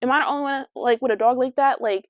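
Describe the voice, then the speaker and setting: Brash young woman podcast host, fairly high voice, dry dull lo-fi sound. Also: quick pace, dry recording. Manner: brash, sassy, slangy and animated. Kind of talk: casual solo podcast rant.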